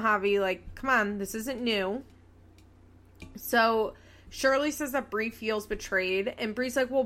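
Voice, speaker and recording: A young woman hosting a podcast, recapping a reality show in casual, animated chat, sarcastic and quick to swear and laugh. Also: a little high. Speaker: podcast host.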